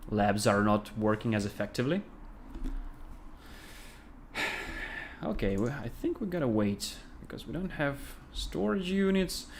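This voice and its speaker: A man with a Russian accent, a game developer thinking aloud with many pauses and fillers as he plays on a casual livestream. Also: mid-range voice, slight background noise. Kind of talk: casual livestream gameplay commentary.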